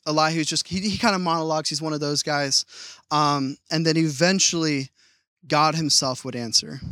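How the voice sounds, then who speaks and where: A man's voice: fairly high pitch, bright, forceful tone, clear, resonant tone, dry recording. A man preaching a sermon in a conversational way, often restarting his words. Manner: conversational, frequent stammered restarts. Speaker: pastor.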